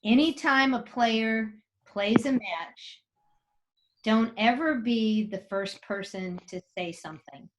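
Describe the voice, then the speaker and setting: A woman's voice: fairly high pitch, slow pace, background noise. A middle-aged woman, a tennis coach and parent, giving plainspoken advice in casual interview talk.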